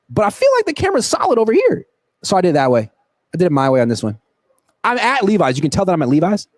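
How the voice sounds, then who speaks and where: Host, male, fairly high voice, swings up and down a lot, jokey rambling livestream chat. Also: no echo. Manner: joking, rambling, animated. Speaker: sports reporter and host. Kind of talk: casual livestream chat answering viewer questions. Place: at a football stadium. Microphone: laptop built-in camera mic.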